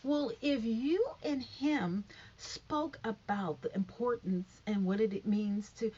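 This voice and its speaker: A woman's voice: fairly high pitch, takes it slowly, warm tone, slightly rough. A woman vlogger giving a sassy, repetitive commentary rant about an interview she watched, calling the viewer honey and girl. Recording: muffled lo-fi sound.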